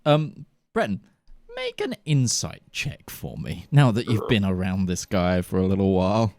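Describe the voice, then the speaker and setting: A man's voice: deep voice, huge pitch swings, moderate pace, darkish tone, a little hiss or hum. A man running a tabletop game as game master, laughing often as he narrates.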